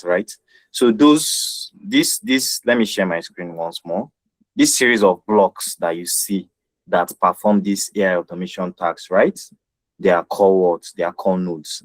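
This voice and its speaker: A man explaining software step by step in an online workshop, checking in with listeners as he goes. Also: low voice, dry recording, low-quality recording. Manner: earnest, repeats phrases and checks with listeners. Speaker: workshop presenter. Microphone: video call.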